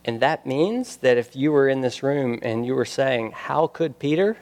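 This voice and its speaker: Male pastor, sermon, mid-pitched voice, emphatic rises, quiet asides. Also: normal speed.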